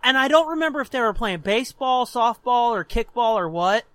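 High-voiced, bright, crude storytelling man. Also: a little fast, no room sound. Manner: animated, crude, laughs often. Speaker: podcast co-host. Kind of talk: casual chat, storytelling.

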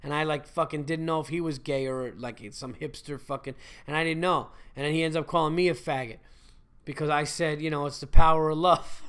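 A man's voice: a little high, steady tone, fairly quick, a bit bright, smooth. A man hosting his own podcast, talking alone in a loose, profane, rambling and jokey way. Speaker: podcast host. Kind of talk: casual solo podcast monologue.

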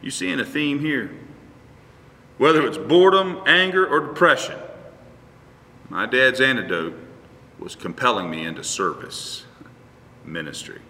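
A man preaches with a lively, swooping voice that has a bright edge. He sounds a little distant from the mic, and his words ring through a reverberant church sanctuary. He slips into quick acted exchanges between a pastor and churchgoers. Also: lowish voice. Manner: conversational preacher acting out dialogues. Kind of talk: sermon.

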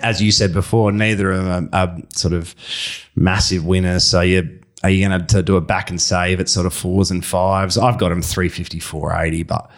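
An Australian man co-hosting a racing podcast, talking through his bets in a rambling, halting way full of restarts. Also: low voice, level tone. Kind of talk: casual betting chat.

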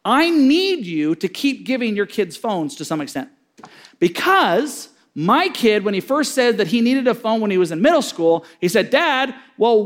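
Middle-aged guy preaching about parenting, pretty high voice, tells stories and does the voices. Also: sing-song, moderate pace. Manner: storytelling, acting out quoted voices with big swings. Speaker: speaker giving a talk on parenting.

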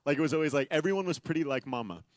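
Young pastor, higher-pitched man, chatty sermon delivery, dry close mic. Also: very fast, no echo. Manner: conversational, animated, self-deprecating asides.

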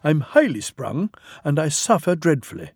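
A man's voice: fairly high pitch, very animated, moderate pace, slightly rough, no echo, studio quality, voice pushed up, exaggerated voice. A man voicing a whiny, self-pitying male engine who is sheepish and sly. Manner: sheepish, complaining.

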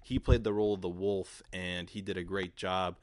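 A man's voice: low voice, flat delivery, normal speed, no echo. A man hosting a casual solo podcast from his garage. He rambles loosely and swears freely, joking as he goes. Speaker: podcast host. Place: home garage.

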